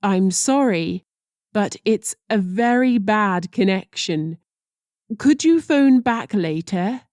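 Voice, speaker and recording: Woman teacher reading phrases super slow, mellow dark voice, dry sound. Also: mid-range voice, animated, no room sound. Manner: slow and deliberate, careful pronunciation. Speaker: language teacher.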